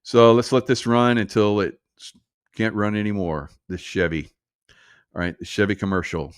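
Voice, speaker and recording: A man's voice: lowish voice, steady tone, moderate pace, clear, resonant tone, no room sound, clean studio sound. A man hosting casual political commentary, sarcastic and mocking, chuckling often as he reads and reacts.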